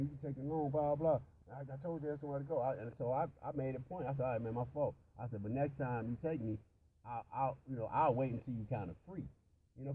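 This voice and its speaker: Casting: man, dark mellow tone, rambling profane storyteller, faint noise behind. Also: a little high, low-quality recording. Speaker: religious discussion participant. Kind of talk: casual profane chat about scripture.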